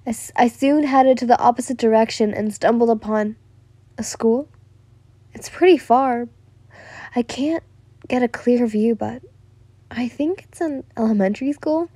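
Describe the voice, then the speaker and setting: A woman's voice: fairly high pitch, a little slow, long pauses, dark tone, no room sound. A young woman narrating a first-person listener story, stumbling and restarting now and then. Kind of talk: reading a listener-insert story.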